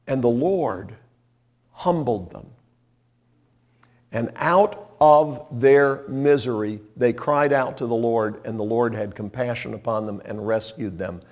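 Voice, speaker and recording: A man preaching a sermon, telling folksy stories and swinging from hushed tones to loud, impassioned appeals. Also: medium pitch. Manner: folksy, storytelling.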